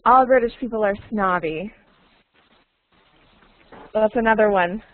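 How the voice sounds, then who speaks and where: A woman's voice: medium pitch, a little slow. Woman teaching English over a tinny call. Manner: patient, repeats and models phrases, laughs often. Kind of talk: online group English lesson. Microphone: computer mic on a video call. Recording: tinny online call line.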